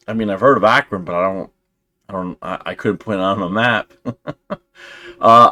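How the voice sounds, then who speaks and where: A young man hosting a casual reaction commentary, sarcastic and animated, dropping slang and restarting his sentences. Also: on the low side, moderate pace, pauses often. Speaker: commentary channel host.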